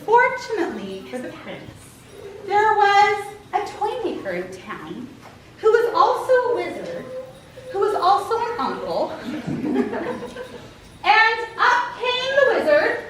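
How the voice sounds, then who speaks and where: A woman leading a children's show, telling a fairy tale and calling out questions to the kids in an animated way. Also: very high-pitched, measured pace. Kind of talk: interactive storytelling to children. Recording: echoey hall from far off, noisy.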